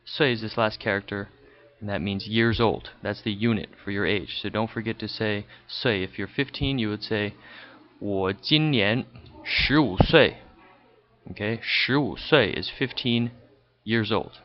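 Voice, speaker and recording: A man's voice: fairly low pitch, fairly even intonation, moderate pace. A man teaching a recorded language lesson over slides, explaining patiently and checking in with a frequent "okay". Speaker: high school Chinese teacher. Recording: dull lo-fi recording.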